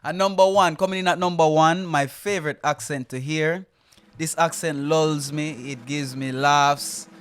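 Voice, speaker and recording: A young Jamaican man co-hosting a casual podcast chat, easygoing and quick to laugh. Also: on the high side, fairly even intonation, fairly bright tone, a little hiss or hum. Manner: easygoing, laughs often, thoughtful. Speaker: podcast co-host.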